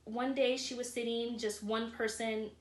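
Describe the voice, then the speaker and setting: A woman, a guest in a casual interview, telling her story in a calm, matter-of-fact way. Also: on the high side, measured pace, echoey room.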